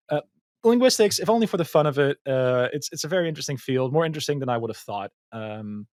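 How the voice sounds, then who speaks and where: A man's voice: medium pitch, no room sound, clean studio sound. A man in a casual podcast conversation, explaining ideas thoughtfully with many ums, likes and restarts. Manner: hesitant, many fillers and restarts. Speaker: guest, machine learning engineer.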